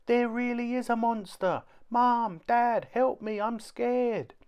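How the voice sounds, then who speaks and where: Storybook kid: a mischievous, dramatic little boy, high and shouty, voiced by a male reader. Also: lively intonation, measured pace, clean tone. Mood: scared. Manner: high, loud, shouty child voice. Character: small boy, mischievous, dramatic, easily scared.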